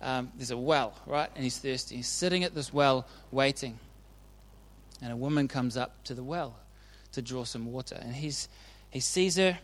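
A man's voice: mid-range voice, moderate pace. A man preaching a casual sermon, retelling Bible stories in a chatty, informal way and often checking in with his listeners.

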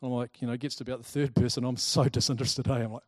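A man giving a talk to a live audience, lively and chatty, telling personal stories and acting out the people in them. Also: mid-range voice, rapid-fire, no room sound, studio quality. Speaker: speaker presenting to a group.

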